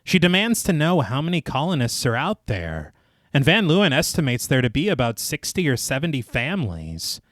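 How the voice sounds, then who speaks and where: A man's voice: sing-song, normal speed, no echo, studio quality. A man co-hosting a podcast, narrating a scripted film recap with a dramatic storytelling manner and casual asides. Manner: dramatic storytelling, reads movie quotes in a lowered voice, laughs at his own jokes. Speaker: podcast co-host.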